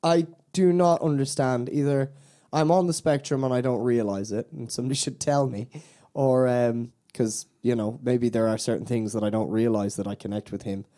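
A man chatting casually as a podcast co-host, his voice mellow and relaxed. He rambles from point to point, quotes lines and laughs often, at a middle pitch. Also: normal speed, few pauses. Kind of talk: casual chat.

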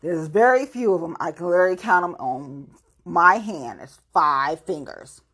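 Woman, husky, angry profane rant, blunt, confrontational, local activist. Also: lowish voice, expressive, moderate pace, fairly bright tone. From Ohio, USA.

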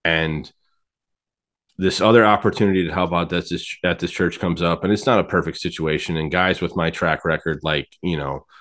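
Candid low-voiced man in his thirties. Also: moderate pace. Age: 30s. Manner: candid, laughs often, animated quoted voices. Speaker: podcast guest. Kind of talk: casual testimony storytelling.

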